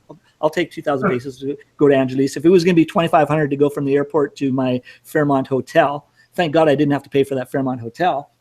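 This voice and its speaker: Fast-talking rambling man. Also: on the high side, fairly even intonation, a little mellow. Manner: rambling, self-mocking, cursing. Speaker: storyteller host. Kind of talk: casual travel storytelling.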